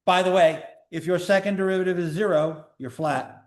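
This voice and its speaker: A man in his fifties giving a classroom calculus lecture, lively and conversational with playful asides to students. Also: sits high, moderate pace. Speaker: math lecturer.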